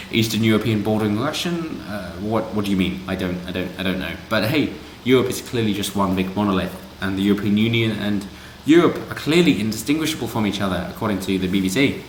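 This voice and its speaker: A man's voice: lowish voice, expressive, fast talker, few pauses, slight background noise. A man doing casual commentary on a news story, sarcastic and rambling with asides. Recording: roomy echo.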